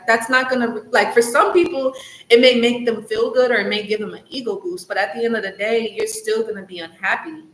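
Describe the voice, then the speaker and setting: A woman talking to camera in a loose, chatty way, with steady mid-range pitch. She sounds earnest and encouraging and circles back over her points. The room is echoey, with a faint hiss underneath. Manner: chatty, loose, full of "like" and "you know"; earnest and encouraging, repeats herself for emphasis. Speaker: channel host, coach on recovery from narcissistic abuse. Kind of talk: casual advice vlog.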